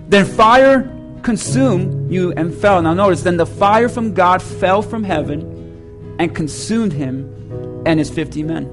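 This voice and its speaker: A man's voice: a little slow, faint music behind. A man preaching a sermon, emphatic and calling on the congregation to repeat lines back to him. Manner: hushed, low prayer. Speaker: pastor.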